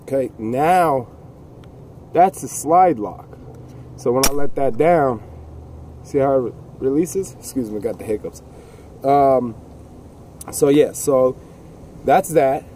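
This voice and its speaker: A man talks casually outdoors on a cold day, rambling with folksy jokes and asides. His voice is mellow and dark. Faint outdoor noise sits behind him. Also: mid-range voice, slow, pauses often. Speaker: gun video host.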